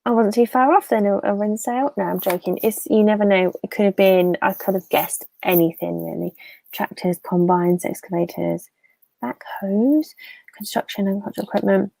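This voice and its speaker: An English woman from the Fens hosts a casual live stream, rambling and reading out comments from her viewers. Her voice is mellow and gravelly with a bit of fry. The sound is dry and close, with little room around it. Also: medium pitch, steady tone, a little fast, dry recording. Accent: English, Fenland. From England.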